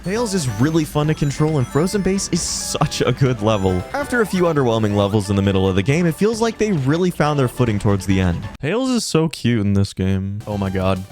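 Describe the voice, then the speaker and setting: A young man giving gameplay commentary with live reactions, excitable, swearing and yelling at the game. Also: medium pitch, brisk, few pauses. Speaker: gaming video creator. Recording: game music playing behind the voice.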